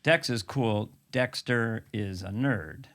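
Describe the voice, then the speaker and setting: A man's voice: medium pitch, slow pace, fairly bright tone. A man hosting a podcast in casual, joking chat, laughing often. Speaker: podcast host.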